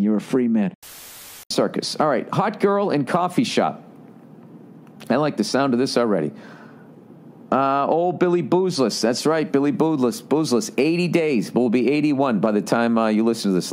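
A middle-aged man giving blunt, profane advice on a comedy podcast, shifting into higher voices to act out little scenes. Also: darkish tone. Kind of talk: casual comedic advice rant.

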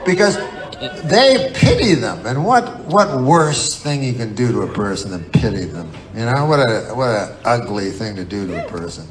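A man's voice: medium pitch, very animated, normal speed, noisy background. A middle-aged man doing live stand-up on stage, telling a rambling, meandering story full of curses. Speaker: stand-up comedian. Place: live comedy show venue. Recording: live show with audience laughter. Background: audience laughter.

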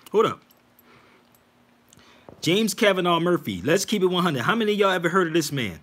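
A man hosts a casual livestream, lecturing his viewers with lively, swooping pitch. His voice sits a bit high for a man and carries a husky edge. He calls out to the audience constantly and presses his point with insistence. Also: normal speed. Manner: animated, preachy, addresses viewers as y'all. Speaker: livestream host.

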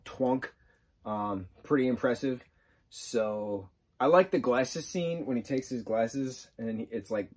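A man giving a casual spoken movie review, rambling and excitable, full of fillers. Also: mid-range voice.

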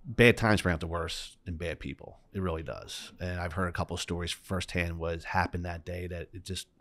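A middle-aged man with a low voice recounts a personal story as a podcast guest. He slips into the voices of the people he met as he tells it. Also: fairly quick. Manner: animated retelling with quoted voices.

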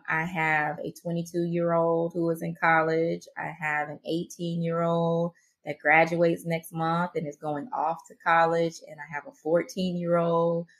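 A woman in her forties from Florida with a light Southern twang, a counselor chatting as a podcast guest in a friendly, candid way. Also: on the low side. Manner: friendly, candid, a little self-deprecating. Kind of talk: casual interview chat.

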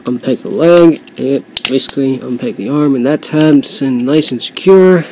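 A man's mid-range, dark-toned voice comes through a rough recording with slight background noise. He's casually reviewing a toy he customized at home, rambling with lots of fillers and quick apologies. Now and then he wanders off the mic as he handles it.

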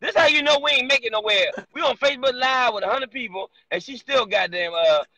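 Fast, bright-voiced teasing man. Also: extremely high pitch, no room sound, rough recording. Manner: blunt, teasing, profane. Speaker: co-host. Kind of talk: casual chat on a live stream. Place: indoors, hot room.

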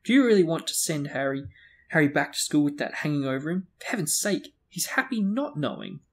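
A man reading aloud, voicing a brisk, bossy middle-aged mother who scolds shrilly. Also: a little high, expressive. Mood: anxious.

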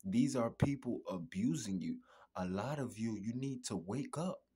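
A man talking in a casual podcast monologue, emphatic, repetitive and profane, with a husky voice. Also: mid-range voice, animated, a little slow, warm tone, slight background noise. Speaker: podcast host.

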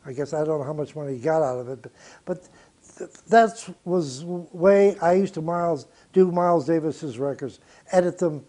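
An older man with a high-set voice recounts his producing days in an interview. He tells it bluntly, drops profanities freely and chuckles between his stories. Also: dark tone. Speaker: record producer. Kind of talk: interview storytelling.

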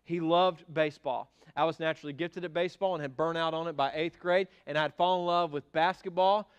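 A middle-aged male pastor preaches in a church with animated, emphatic delivery and a fairly high-pitched voice. He swings from quiet asides to loud bursts as he drives his points home. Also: fairly quick, clear, resonant tone, dull audio. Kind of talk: sermon. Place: church sanctuary.

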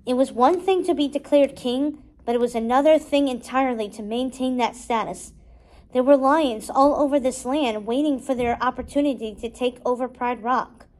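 A woman reading a storybook aloud in a steady, expressive way. Her voice is somewhat high for a woman. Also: rough recording. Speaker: storybook reader.

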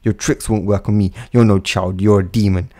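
A man voicing a cruel, scornful mother who yells insults and commands for a fan storybook reading. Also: on the low side, flat delivery, normal speed, lightly acted. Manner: yelling insults.

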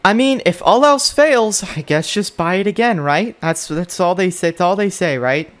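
A man's voice: sits high, animated, normal speed, fairly bright tone. A young man giving exasperated commentary while opening mobile game packs, ranting and jumping up in disbelief.

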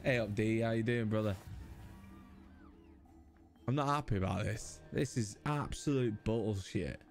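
A young man streaming a game live, excitable and swearing as he yells at the screen. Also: on the low side, unhurried, gravelly. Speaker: gaming streamer. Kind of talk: live gameplay commentary. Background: game music.

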